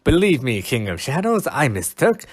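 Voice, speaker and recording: A man cold-reading the lines of a mischievous male fairy sprite from old verse, slowly and carefully, stumbling over the old words. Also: mid-range voice, sing-song, breathy edge, pitched above the performer's own voice.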